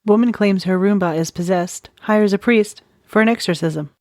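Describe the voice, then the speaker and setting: A woman's voice: medium pitch, normal speed, background noise. A woman hosting a comedic true crime podcast in casual chat, often breaking into cackling laughter. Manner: giggly, keeps breaking into loud cackling laughter. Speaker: podcast host.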